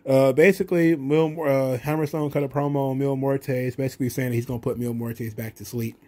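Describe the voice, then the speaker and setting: Man, casual wrestling recap, profane, rambling, mid pitch. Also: steady tone, a little fast, mellow. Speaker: wrestling review channel host.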